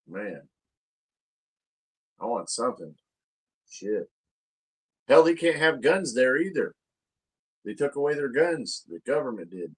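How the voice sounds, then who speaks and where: A man's voice: mid-range voice, big pitch swings, measured pace, pauses often, husky. Crude laughing man. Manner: boastful, crude, laughs at his own jokes. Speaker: podcast co-host. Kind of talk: casual chat.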